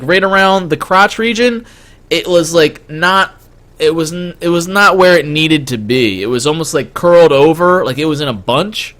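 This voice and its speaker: A man streaming, telling a story casually in an excitable way, stammering and packing in fillers. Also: a little high.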